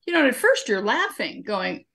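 A woman's voice: a little high, big pitch swings, normal speed, creaky, a bit bright. A woman guest in an interview, explaining her civic training work through everyday examples and anecdotes. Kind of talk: conversational interview answers.

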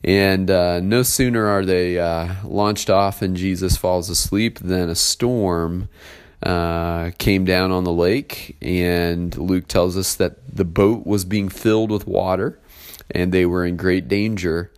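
In a very low voice, a pastor reads scripture aloud during his sermon and then unpacks it. His tone stays steady and clean, and his explanations come out unhurried and conversational, full of pauses and filler words.

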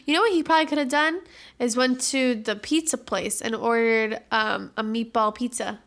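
A young woman co-hosting a podcast in casual chat, chiming in with quick reactions and laughs. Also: a little high, a bit bright. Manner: chimes in with short reactions and laughs. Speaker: podcast co-host.

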